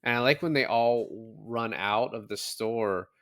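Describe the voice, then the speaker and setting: A man's voice: lowish voice, a little slow, a bit bright, no room sound, studio quality. A man co-hosting a podcast, casually recapping a film and swearing freely as he talks. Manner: loose, swears freely, acts out quotes from the film. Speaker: podcast co-host.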